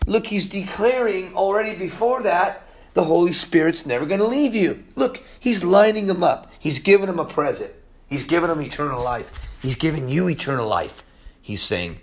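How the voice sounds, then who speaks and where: Excitable preacher with a higher voice. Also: male voice, normal speed. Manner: excitable and emphatic, swings from loud to hushed; casual slangy talk, often says "man". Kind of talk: informal Bible teaching.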